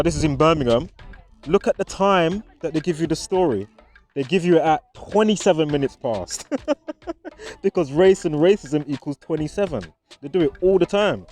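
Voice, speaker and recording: A man's voice: a little high, a little mellow. A man vlogging outdoors in a park, in casual commentary to viewers, chuckling often and chatty, with frequent restarts.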